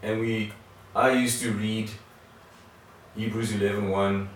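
A man's voice: lowish voice, little pitch movement, unhurried, slight background noise. A man sharing in a church study group, hesitant, often restarting and repeating words. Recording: very echoey room from far off.

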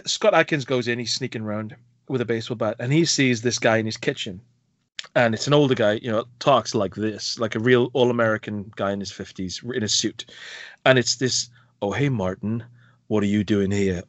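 A man co-hosting a film podcast, recapping films with animated delivery and laughter. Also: medium pitch, brisk, dry recording. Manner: animated, laughs and acts out scenes. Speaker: podcast co-host. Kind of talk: casual film review chat.

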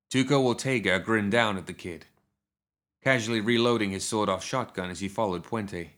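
Low-voiced man narrating a story. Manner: steady, measured storytelling. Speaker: audiobook narrator. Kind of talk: scripted fantasy narration.

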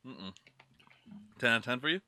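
A man's voice: medium pitch, lively intonation, normal speed, pushed and bright, a little hiss or hum. A young man doing a casual snack taste test, blunt and joking, with lots of swearing. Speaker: food taster.

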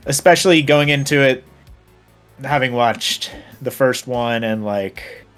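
A man's voice: mid-range voice, measured pace, a bit bright, clean tone, soft background music. A man co-hosting a podcast in casual chat, rambling with many fillers. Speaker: podcast co-host.

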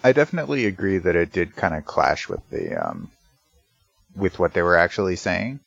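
A man in a casual game discussion, speaking haltingly and hedging his opinions. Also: deep voice, huge pitch swings, creaky, a bit bright, breathy edge, no room sound. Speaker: podcast panelist. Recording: dull, dry lo-fi sound.

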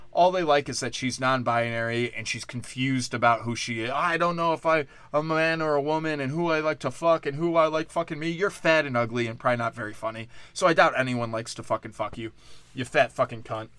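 A man's voice: medium pitch, sharp tone, dry recording. A man hosting a comedy podcast, ranting in a crude, profane, sarcastic way and drifting off his point. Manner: off-the-cuff, loses his thread. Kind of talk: rambling comedic rant.

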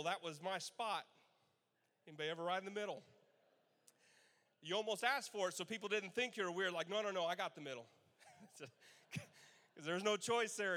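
High-voiced pastor in a reverberant hall. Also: male voice. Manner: animated storytelling with laughs and acted-out quotes. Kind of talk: Father's Day sermon storytelling. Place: church sanctuary. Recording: long church hall reverb.

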